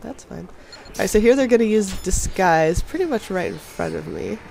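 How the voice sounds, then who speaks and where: Narrating his gameplay while congested with a cold, this young commentator chats casually, laughs a lot and pokes fun at himself. His voice is high, animated, gravelly and a little mellow at normal speed, with faint music and a little hiss or hum behind it.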